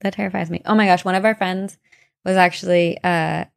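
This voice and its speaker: Lower-voiced woman telling ghost stories. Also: a little fast, gravelly. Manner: chatty, animated retelling with quoted voices. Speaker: podcast co-host. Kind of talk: casual chat, storytelling ghost lore.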